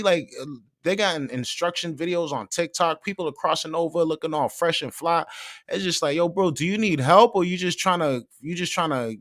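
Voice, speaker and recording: A man hosts a live show and rants in slangy, casual talk, worked up and restarting his sentences. His voice sits a touch high and swings widely in pitch. The sound is close and dry, with little room. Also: no room sound. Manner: animated, slangy, restarts and fillers. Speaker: podcast host. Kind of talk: casual commentary.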